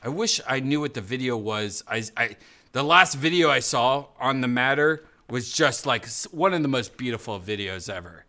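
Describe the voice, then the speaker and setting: A man's voice: mid-range voice, lively intonation, moderate pace, sharp tone. A man hosting a casual podcast chat, rambling and acting out quotes in funny voices. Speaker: podcast host.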